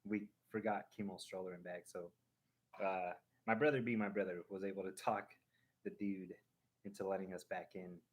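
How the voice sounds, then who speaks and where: Speaking in a deep voice at a moderate pace, this man hosts a live stream and casually spins a tale about his family. His telling is lively and meandering, full of restarts and sound effects.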